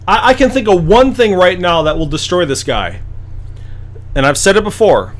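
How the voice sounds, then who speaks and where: A man's voice: sits high, expressive, moderate pace, a bit bright. A man reacting to a video with blunt, crude, emphatic ranting. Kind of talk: profane reaction commentary.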